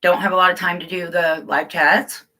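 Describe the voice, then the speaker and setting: A woman's voice: lowish voice, level tone, moderate pace, pushed and bright. A woman chatting casually on a live stream, rambling and laughing, greeting viewers by name.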